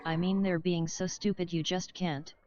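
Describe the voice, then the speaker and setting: A synthetic woman's voice reading out chat messages on a stream, in a flat, even delivery. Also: lowish voice, normal speed, lo-fi sound, slight background noise. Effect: text-to-speech voice. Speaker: text-to-speech chat reader.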